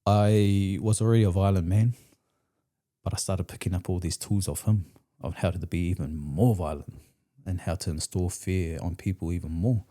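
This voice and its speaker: A New Zealand man, a podcast guest, tells his story candidly in conversation in a blunt, profane, slangy way. His voice sits low and has a dark tone, with fairly even intonation at normal speed.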